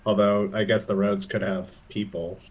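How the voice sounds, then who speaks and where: Male player, husky and low, casual table chat. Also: flat delivery, normal speed, muffled recording.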